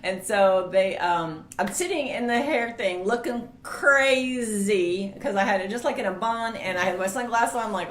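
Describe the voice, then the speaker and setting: A middle-aged woman, chatting casually as co-host of a marriage ministry video and telling stories with lively quoted voices. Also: medium pitch, moderate pace, few pauses. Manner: chatty storyteller, animated quoting voices. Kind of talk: casual chat. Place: home studio room. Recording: roomy echo, faint hiss.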